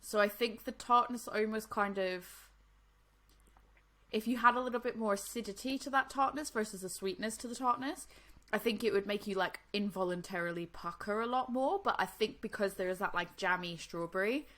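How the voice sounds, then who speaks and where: A woman's voice: mid-range voice, normal speed, fairly bright tone. A woman from the US co-hosting a podcast, chatting casually and laughing often while tasting drinks. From United States. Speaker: podcast co-host.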